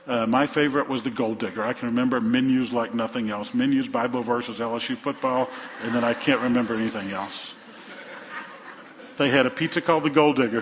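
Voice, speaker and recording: Pastor preaching in a reverberant sanctuary. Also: male voice, medium pitch. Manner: storytelling, emphatic repetition. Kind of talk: sermon. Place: large church sanctuary. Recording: dull church recording with long reverb.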